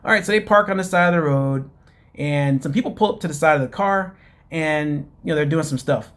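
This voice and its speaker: Male host with a slightly high voice, loose and chatty, rambling through a TV gossip recap aimed straight at his viewers. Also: brisk, fairly bright tone. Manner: chatty, addresses listeners as "guys"; rambling with many fillers. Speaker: show host. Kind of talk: casual reality TV recap.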